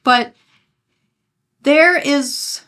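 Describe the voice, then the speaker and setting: Female co-host with a high, bright, sharp voice, eager and talkative. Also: drawn-out words. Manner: eager, chatty, shares own stories. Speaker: podcast co-host. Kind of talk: casual chat.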